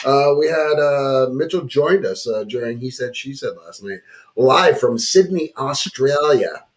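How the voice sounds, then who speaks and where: A man's voice: mid-range voice, expressive, measured pace. A man hosting a casual chat show, joking around and reading sponsor plugs. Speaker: talk show host.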